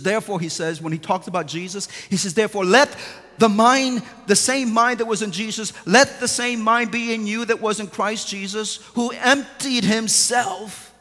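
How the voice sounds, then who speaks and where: A man, a pastor, delivering a sermon that swings from hushed, quiet passages to emphatic, rising declarations. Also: high voice. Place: large church sanctuary. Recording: long church reverb.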